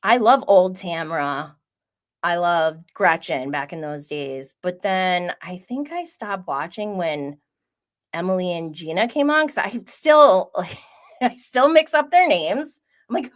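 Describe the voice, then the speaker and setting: A woman's voice: lowish voice, slow pace. Chatty woman host gossiping on a live stream. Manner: animated, gossipy, laughs often, reads chat aloud. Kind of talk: casual live-stream chat.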